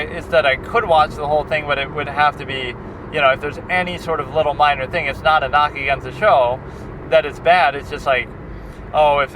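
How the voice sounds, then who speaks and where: A man's voice: medium pitch, noisy background. A man and film critic chatting in a rambling, casual vlog, often restarting his sentences, recorded on a handheld recorder outdoors. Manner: meandering, many restarts and fillers.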